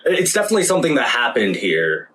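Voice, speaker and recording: A man's voice: medium pitch, wildly swooping pitch, fast, fairly bright tone, a little hiss or hum, rough recording. A man co-hosting a casual podcast chat, hesitant, with stumbling restarts. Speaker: podcast co-host.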